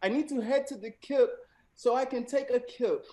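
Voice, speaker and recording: A man's voice: very high voice, moderate pace, background noise, voice pushed up. A man reading example sentences in an attempted British accent, hesitant and tripping over the words. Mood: playful.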